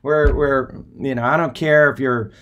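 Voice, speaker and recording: A man's voice: medium pitch, fairly even intonation, moderate pace, fairly bright tone, highs cut off. An older man talks straight to his viewers in a folksy, affectionate live-stream monologue. His voice sits in an ordinary middle range, and he wanders through fillers and restarts as he goes. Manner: rambling, full of uh and restarts.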